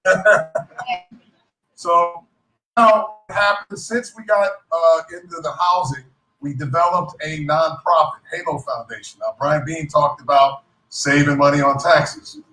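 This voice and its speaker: This self-proclaimed clown has a slightly high voice and keeps a measured pace. He jokes his way through a motivational talk for a live business audience, lively throughout, picked up from afar in a hall with a lot of echo.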